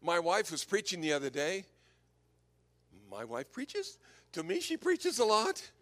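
An older man giving an anecdotal sermon as a visiting preacher, telling stories in a lively way and chuckling at his own jokes. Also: high-pitched, measured pace.

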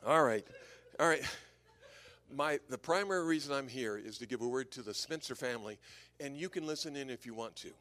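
An older man giving an anecdotal sermon as a visiting preacher, telling stories in a lively way and chuckling at his own jokes. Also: mid-range voice, brisk.

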